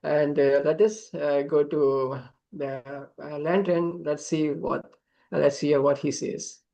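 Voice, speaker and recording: A man's voice: fairly high pitch, level tone, takes it slowly, gravelly, dark tone, muffled recording. A man hosting an online poetry event, polite and hesitant with many fillers. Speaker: event host.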